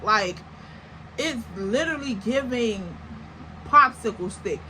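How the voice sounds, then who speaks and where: A young woman telling a story in a casual, animated, slangy way, full of exaggerated comparisons. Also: on the high side, slight background noise, rough recording. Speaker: storytime vlogger.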